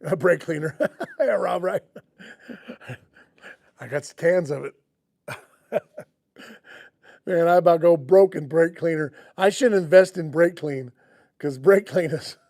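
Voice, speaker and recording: A man's voice: a little high, darkish tone. A middle-aged man, hosting a casual garage livestream, chatting with viewers and telling stories with chuckles. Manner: folksy storytelling with chuckles.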